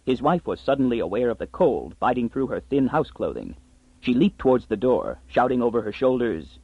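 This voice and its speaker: A man reads a story aloud with a husky voice and lively, rising and falling pitch. The recording is dry and slightly muffled. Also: brisk, no room sound. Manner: expressive storytelling. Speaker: audiobook narrator. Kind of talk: scripted narration.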